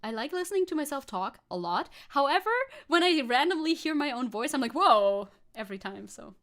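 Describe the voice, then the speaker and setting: A woman's voice: sits high, lively intonation, brisk. A woman streaming casually, rambling and self-mocking with frequent laughs and restarts, speaking English with a non-native accent. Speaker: VTuber streamer. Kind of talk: casual livestream chat reacting to a video.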